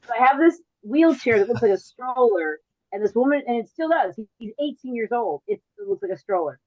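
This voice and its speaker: A woman's voice: a little high, very animated, brisk, a little mellow, no echo, lo-fi sound. A woman in her forties telling a comic story over a video call, rambling and self-interrupting before landing punchlines.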